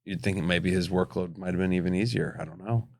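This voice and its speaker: Deep gravelly man retelling a story. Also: steady tone, darkish tone, no room sound, clean studio sound. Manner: halting retelling with many restarts. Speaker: podcast co-host. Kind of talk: casual faith discussion.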